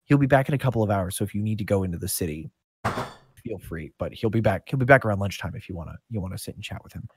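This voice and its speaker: A man's voice: fairly low pitch, lively intonation, rapid-fire, slight background noise. A man voicing a chatty, flustered young woman working at an inn in a tabletop role-play game, stumbling and repeating his words. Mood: eager. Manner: rambling, repeats words, apologetic. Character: young female innkeeper's helper, chatty and flustered.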